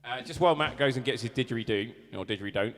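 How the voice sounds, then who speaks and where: A man's voice: medium pitch, rapid-fire, fairly bright tone, long reverb tail, faint music behind. A man in a band, joking and chatting as he introduces songs on a livestream. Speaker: band member presenting a livestream. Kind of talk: casual banter.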